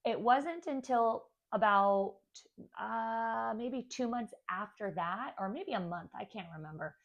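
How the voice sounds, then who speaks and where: A woman's voice: on the high side, unhurried, muffled recording. A young woman telling a candid, chatty personal story to camera about becoming a stepmom. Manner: candid, chatty, acts out kids' voices. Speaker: stepmom vlogger.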